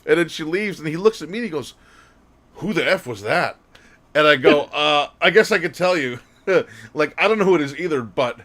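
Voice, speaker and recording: A man's voice: fairly high pitch, a bit bright. A man co-hosting a podcast, telling a casual story in a rambling way. He often corrects himself and laughs as he goes. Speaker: podcast co-host.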